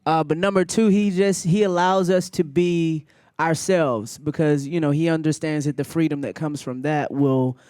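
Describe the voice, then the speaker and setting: A man speaks with lively energy in a cast interview, laughing easily between thoughts. The recording is dry and close. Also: on the high side, moderate pace, clean tone, no echo. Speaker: actor. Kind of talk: casual interview chat.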